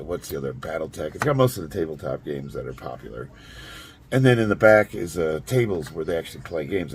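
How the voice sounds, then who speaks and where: A man's voice: deep voice, darkish tone, slight background noise. A middle-aged man telling a story in a casual vlog, rambling, chuckling now and then, with lots of fillers. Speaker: vlogger.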